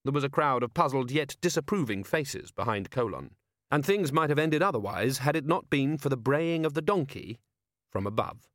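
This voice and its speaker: A man narrating an audiobook with a wry, measured reading. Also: mid-range voice, lively intonation, fairly bright tone, no echo, clean studio sound. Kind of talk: scripted narration.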